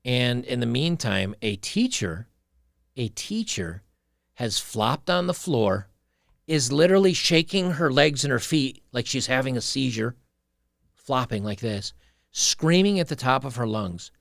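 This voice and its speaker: Male streamer, gravelly voice, opinionated rants between clips, dry close sound. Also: mid-range voice, no room sound. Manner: opinionated, ranting, reads chat aloud. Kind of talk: casual livestream commentary.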